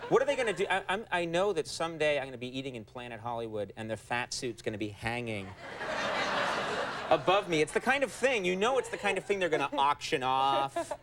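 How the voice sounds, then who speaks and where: Jokey talk show host, lively higher voice. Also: male voice, fairly quick, crowd noise. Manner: jokey, self-mocking, playful asides. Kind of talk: late-night talk show interview. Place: TV studio. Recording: noisy VHS TV broadcast.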